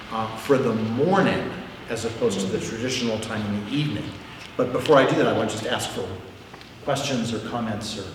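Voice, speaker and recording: Teaching a prayer class in an informal, frank way, this mid-range-voiced man pokes fun at himself and repeats words while gathering his thoughts. The mic is distant, the background noisy, and the hall echoes with long reverb.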